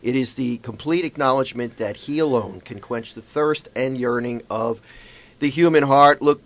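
A man's voice: medium pitch, moderate pace. A man hosting a morning radio show who jokes and laughs with co-hosts, then reads scripture and devotional reflections in an earnest way. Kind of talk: casual morning radio chat and devotional reading. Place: radio studio.

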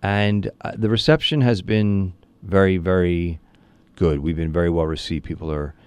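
Deep-voiced priest telling a story. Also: male voice, normal speed, clear, resonant tone, no room sound. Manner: earnest, animated storyteller with frequent restarts. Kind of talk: interview conversation, storytelling.

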